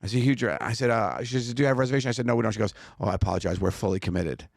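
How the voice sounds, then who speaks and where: A man co-hosting a casual podcast, an animated storyteller who acts out the dialogue and laughs often. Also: on the low side, very fast, creaky, no room sound, clean studio sound. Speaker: podcast co-host.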